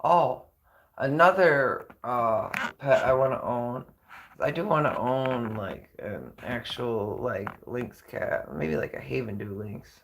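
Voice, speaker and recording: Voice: mid-range voice, lively intonation, takes it slowly, fairly bright tone, a little hiss or hum, low-quality recording. A livestreamer chatting casually to viewers, rambling and hesitant with many fillers. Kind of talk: casual chat.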